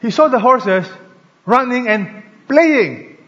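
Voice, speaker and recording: A man's voice: extremely high pitch, expressive, slow, a bit bright. A man preaching a sermon as pastor, leading a prayer and prompting the congregation to answer and read along. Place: large church hall. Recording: long hall reverb, slightly dull sound.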